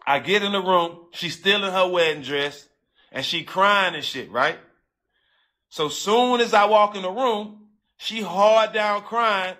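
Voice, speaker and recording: Man, casual storytelling, slightly high voice, bright and forceful, emphatic and profane, repeats himself. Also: measured pace. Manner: emphatic, profane, repeats himself, addresses listeners as bro and dog. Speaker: storyteller on a live stream.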